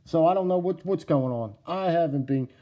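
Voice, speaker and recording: Indoors at home, an excitable middle-aged man from New Jersey chats to camera at a moderate pace about collecting knives. His voice is fairly high, he repeats himself, and he calls his audience "guys" and "yous."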